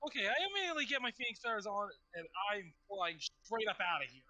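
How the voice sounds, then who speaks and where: Man, player, wry quick remarks, very bright tone, dry close sound. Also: high-pitched, big pitch swings, dry recording. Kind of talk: casual tabletop play.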